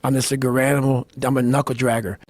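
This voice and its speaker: A middle-aged man giving a blunt, profane motivational talk, swinging between low growls and shouted bursts. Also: little pitch movement, quick pace, dry recording. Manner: blunt, swearing constantly, fired-up. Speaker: motivational speaker. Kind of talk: intense profane monologue.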